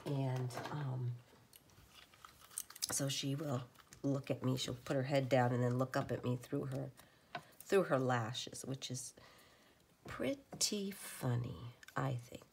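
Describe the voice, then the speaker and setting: A woman chatting casually at her home craft table, rambling and often dropping into a soft whisper. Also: extremely low pitch, slow, gravelly, long pauses, a little hiss or hum. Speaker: crafter making journal ephemera.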